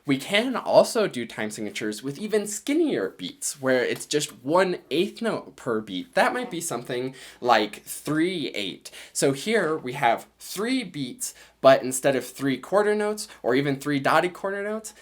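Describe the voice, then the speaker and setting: An encouraging music teacher leads a lesson for children, counting the beats aloud so the listener can clap along. The pitch of the voice swings widely and lively, which keeps the counting bright. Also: unhurried, few pauses.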